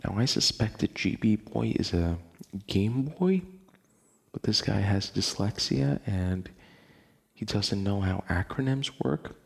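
A man's voice: on the low side, expressive, slow, gravelly, slightly rough. A young man hosting a casual late-night podcast, rambling, laughing often and swearing casually. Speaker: podcast host.

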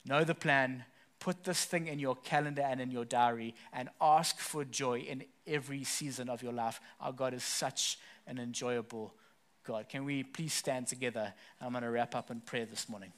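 A man's voice: mid-range voice, steady tone, moderate pace. Man preaching with rising passion. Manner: passionate preaching that rises to loud emphasis then drops soft. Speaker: pastor. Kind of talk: sermon. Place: church service.

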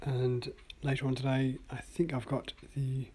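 Vlogger at home rambling about coffee, lots of ums, goes quiet and murmury sometimes. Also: medium pitch, level tone, a little slow, slightly rough. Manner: rambling and chatty, with many ums and self-mocking asides. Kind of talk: casual daily video diary. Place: at home, indoors.

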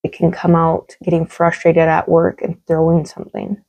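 A woman's voice: deep voice, monotone, normal speed, darkish tone, poor audio. A woman hosting a solo podcast monologue, talking candidly and emphatically, repeating words for stress and swearing freely. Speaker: podcast host.

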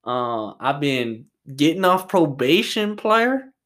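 A cocky young street hustler bragging in a raised, punchy voice, as a man puts him on. His pitch jumps high on each "player", and his delivery swings widely. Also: very animated, takes it slowly, fairly bright tone, heavily acted. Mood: swaggering. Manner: boastful, ends each line with "player".

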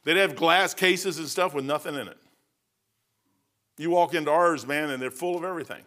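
Folksy, bright-voiced preacher. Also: male voice, fairly high pitch, moderate pace. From United States. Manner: folksy, blunt, conversational, many fillers and asides. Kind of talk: sermon with personal stories.

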